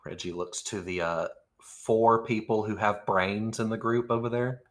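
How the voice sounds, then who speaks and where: A man's voice: lowish voice, fairly even intonation, measured pace. A man playing a tabletop game, chatting wryly and joking with the table. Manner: wry, joking. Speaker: player. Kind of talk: casual game chat.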